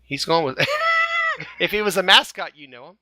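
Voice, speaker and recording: A man with a very bright, forceful voice hosts a casual fan podcast and runs a name quiz. His pitch jumps around a lot as he jokes with the panel. He laughs often and spells names out letter by letter. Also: animated, moderate pace. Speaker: podcast host.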